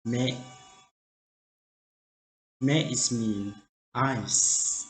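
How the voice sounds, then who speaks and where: A man teaching vocabulary in a slow drill, repeating each word carefully in simple, broken phrasing. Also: mid-range voice, fairly even intonation. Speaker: language teacher. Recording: roomy echo.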